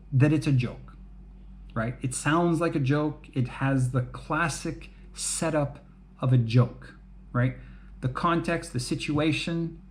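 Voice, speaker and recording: A man teaching English to learners, explaining slowly and clearly in a relaxed, chatty way, often checking with "right?" and laughing at his own jokes. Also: mid-range voice.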